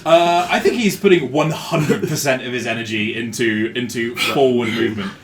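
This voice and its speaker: A man running a tabletop game as game master, relaxed and casual, often laughing as he describes the action. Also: mid-range voice, normal speed.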